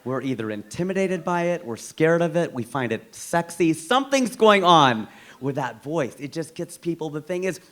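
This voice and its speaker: An American man works a stand-up crowd in a fairly high, bright voice that swoops up and down. He grows animated and punches his lines with exclamations. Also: normal speed. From United States. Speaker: stand-up comedian. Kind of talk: stand-up comedy routine. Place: comedy stage before a live audience.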